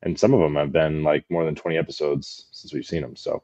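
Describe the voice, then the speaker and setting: A man co-hosting a podcast, sharing opinions in relaxed conversation with lots of "kinda" and "like". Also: a bass voice, a little fast, dry recording, muffled recording. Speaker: podcast co-host. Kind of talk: casual chat.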